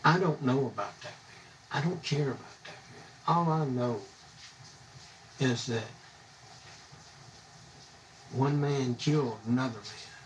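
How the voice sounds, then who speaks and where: A man's voice: mid-range voice, takes it slowly, long pauses, distant mic, low-quality recording. A man from the United States, ranting bluntly and indignantly on a live stream, rambling from one grievance to the next. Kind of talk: angry live-stream rant. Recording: voice a bit off-mic, faint background hum.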